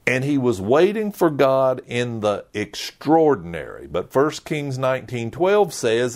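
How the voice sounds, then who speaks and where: A middle-aged man preaching a sermon as a pastor, earnest and emphatic with dramatic pauses. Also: medium pitch, sing-song, darkish tone.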